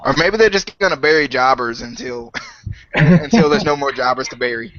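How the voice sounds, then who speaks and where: A man's voice: mid-range voice, lively intonation, moderate pace, a bit bright. A man co-hosting a podcast, chatting in a hesitant, jokey, self-deprecating way. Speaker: podcast co-host. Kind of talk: casual podcast chat. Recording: dry, dull lo-fi audio.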